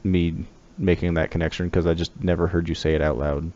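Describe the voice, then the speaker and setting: A man's voice: little pitch movement, brisk, dark tone. A man co-hosting a casual gaming podcast, easygoing and chuckling. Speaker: podcast co-host. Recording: muffled low-fi audio.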